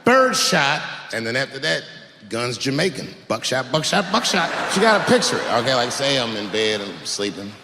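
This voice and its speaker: A man doing stand-up comedy, telling a story with big animated delivery and shouted punchlines, on a theater stage. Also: mid-range voice, fairly quick, background noise. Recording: echoey hall with long reverb.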